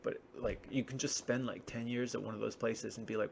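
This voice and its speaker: A man's voice: medium pitch, steady tone, a little fast, gravelly, few pauses, a little hiss or hum. A man talking in a rambling, wry, self-deprecating solo monologue. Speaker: vlogger.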